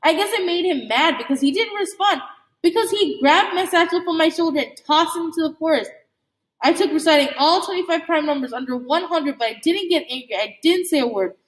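A woman reading a novel aloud in a halting way, with slips and restarts. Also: extremely high pitch. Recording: echoey room.

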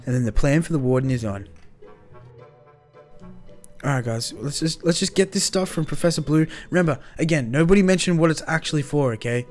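A young male host runs an improvised game roleplay, sounding slangy, hyped and excitable in a voice on the high side. He shifts quickly between shouting and muttering, with faint music playing underneath.

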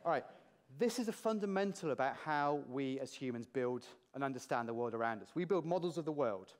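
A British man giving a lively, jokey conference talk to a large audience in a hall, asking the crowd questions as he goes. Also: medium pitch, brisk. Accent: British English. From Britain. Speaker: conference speaker.

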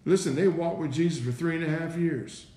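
A man gives a loose, conversational sermon, circling back over his phrases and throwing out rhetorical questions to his listeners. His voice sits a little high for a man. The room around him rings with echo. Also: brisk, dark tone. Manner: repeats himself, asks rhetorical questions, says "right?" and "listen". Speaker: preacher. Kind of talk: informal sermon. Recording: echoey room.

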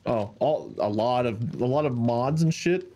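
A man's voice: mid-range voice, measured pace, mellow. A man chatting while playing a game with a friend, telling stories in a laid-back, chuckling way. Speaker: streamer co-player. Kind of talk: casual gaming banter.

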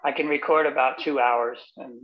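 Calm, explanatory male host on a video call, dull lo-fi sound. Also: medium pitch, normal speed, slight background noise. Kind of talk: casual video call chat.

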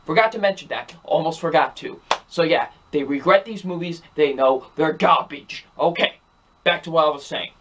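An exasperated young man rants through a movie review, hammering the same points again and again. His voice sits fairly high for a man, and his talk is emphatic and repetitive. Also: moderate pace, a bit bright, a little hiss or hum. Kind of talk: ranting film review.

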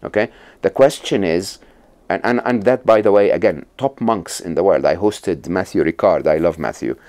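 A man's voice: low-pitched, normal speed, darkish tone. A middle-aged man from Egypt, a podcast guest telling stories and explaining ideas in a conversational interview, with many restarts and check-ins like "right?".

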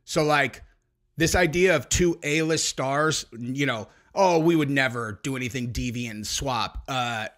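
A man's voice: mid-range voice, measured pace, fairly bright tone. A man hosting a commentary channel, talking casually and opinionatedly, sometimes mocking people with impressions. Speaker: podcast host.

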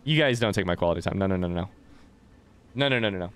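A man's voice: low-pitched, lively intonation, racing, a bit bright. A young man doing live gameplay commentary, rambling, joking and swearing as he chats to his viewers. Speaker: let's play streamer.

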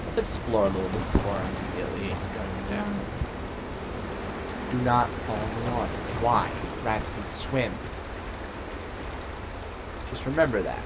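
A young man giving joking, rambling commentary as he plays a video game, dropping to mumbles and then bursting into loud rants. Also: on the low side, big pitch swings, moderate pace. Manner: rambling, jokey, swings from mumbling to loud outbursts. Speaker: gaming channel host. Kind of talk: Let's Play commentary. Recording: loud background noise.

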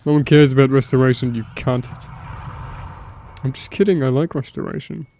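A man's voice: mid-range voice, steady tone, moderate pace, creaky, warm tone, a little hiss or hum. A young man casually commenting on his gameplay while streaming, playful and profane.

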